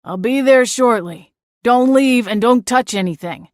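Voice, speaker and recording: A woman's voice: on the high side, measured pace, no echo, clean studio sound, voice pushed up, close to an everyday voice. A woman voicing an exasperated, long-winded male small-town sheriff who talks down to others. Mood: brusque.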